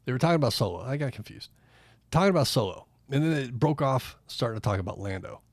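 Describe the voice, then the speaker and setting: A man's voice: mid-range voice, animated, fast, dry recording. Rambling, foul-mouthed podcast storyteller man. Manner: rambling storyteller, swears freely. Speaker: podcast co-host. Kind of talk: casual chat.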